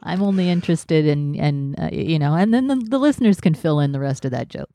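Mellow joking podcast host. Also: male voice, fairly high pitch, animated, brisk. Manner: joking, rambling. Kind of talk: casual podcast chat.

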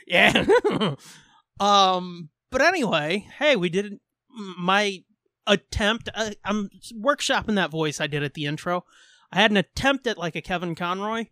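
Casting note: high, bright-voiced man hosting a loose, crude podcast. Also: measured pace, dry recording, clean studio sound. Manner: joking, crude, laughs often. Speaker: podcast host. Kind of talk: casual podcast chat.

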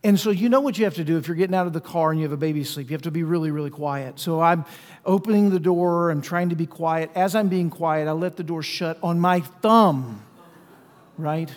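High-voiced male preacher, echoing hall. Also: brisk. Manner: conversational storytelling with frequent restarts. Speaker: pastor. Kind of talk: sermon with prayer and personal anecdote. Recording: long reverb of a large hall.

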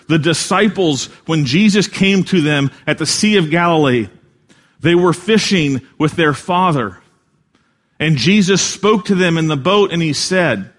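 Male pastor, sermon delivery, slightly high voice, deliberate unhurried pace, earnest. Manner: earnest preaching, swells louder for emphasis and drops soft.

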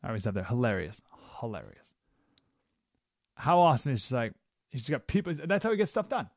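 A man hosting a talk radio show, telling stories in a conversational, animated way with frequent asides. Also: mid-range voice, fast talker, dry recording, clean studio sound.

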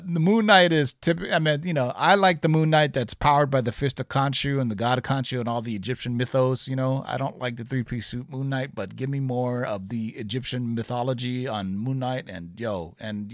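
A man's voice: medium pitch, normal speed, few pauses, no echo, clean studio sound. Rambling, filler-heavy male podcast host. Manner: rambling, many fillers and restarts. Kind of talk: casual chat about comics and movies.

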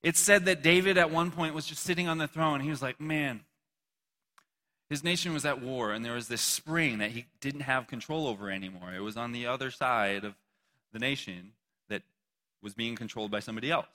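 A man preaching a casual sermon, reading scripture slowly and dramatically between conversational asides. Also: medium pitch, sharp tone. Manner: conversational, reads scripture slowly and dramatically, frequent laughs and "right?". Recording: long hall reverb.

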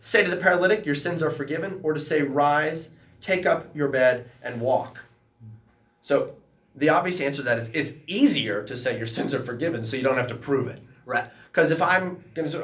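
Excitable man teaching a church class. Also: a little high, normal speed, roomy sound. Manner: excitable, reads scripture aloud and bursts into exclamations. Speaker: Sunday school teacher. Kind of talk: Bible class lesson.

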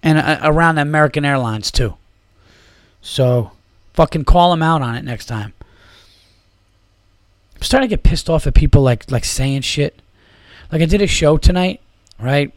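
A man's voice: on the high side, expressive, normal speed, long pauses, no echo, clean studio sound. A man hosting his own comedy podcast, ranting and swearing heavily with lots of fillers. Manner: rambling, heavy swearing, fillers. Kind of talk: profane solo podcast rant.

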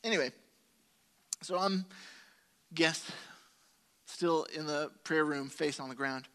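A male pastor preaching a sermon, telling a personal story with animated quoted asides and humor. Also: a little high, slow, clear, resonant tone.

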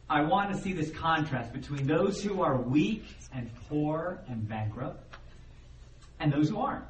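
A man preaching a sermon as the pastor, in a conversational, animated way, and he acts out the voices of the people he quotes. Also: a little high. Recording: roomy echo, heard from a distance, faint background noise.

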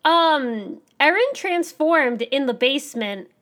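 Excitable woman co-host, kinda high voice, acts stuff out while chatting. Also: slow. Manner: animated, excitable, acts out lines. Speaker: podcast co-host. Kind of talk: casual chat about an anime episode.

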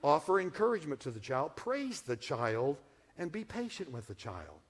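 A middle-aged man preaching a sermon in a folksy, humorous way, swinging from hushed asides to loud punchlines. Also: a little high, wildly swooping pitch, moderate pace. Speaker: pastor.

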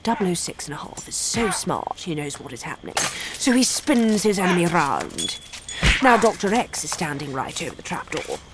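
A woman reading a children's story aloud in an animated, gleeful, theatrical way. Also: fairly low pitch, moderate pace, background noise. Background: music.

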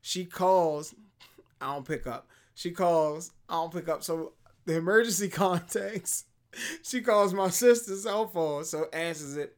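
A young man casually telling a story, animated and laughing often, acting out the voices of the people in it. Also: sits high, measured pace.

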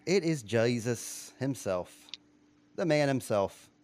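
A man's voice: mid-range voice, animated, slow pace, a little mellow. A man hosting a casual chat, playfully quizzing his co-hosts and laughing often. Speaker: podcast host quizzing co-hosts.

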